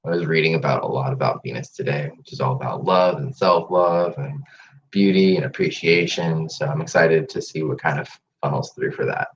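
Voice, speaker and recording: A man's voice: a bass voice, brisk. A man hosting a casual live-streamed guided meditation, upbeat and chatty, laughing often. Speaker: meditation host. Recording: dull lo-fi live-stream audio with faint noise.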